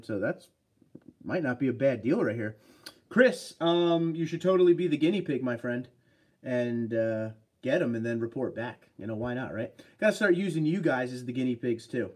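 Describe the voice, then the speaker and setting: A man's voice: mid-range voice, husky. A man hosting a casual livestream, chatting upbeat and rambling as he reads out viewer comments. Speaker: livestream host.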